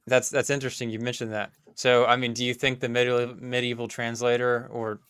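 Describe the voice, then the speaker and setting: Smooth-voiced man hosting an interview. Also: mid-range voice, flat delivery, a bit bright, dry recording, clean studio sound. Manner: inquisitive, halting. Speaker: podcast host. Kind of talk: casual interview.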